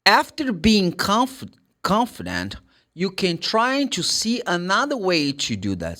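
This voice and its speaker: A man's voice: high voice, wildly swooping pitch, slow pace, sharp tone. A man with a Brazilian Portuguese accent teaching English pronunciation in a chatty, jokey way, repeating phrases and laughing at himself. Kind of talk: casual online pronunciation lesson.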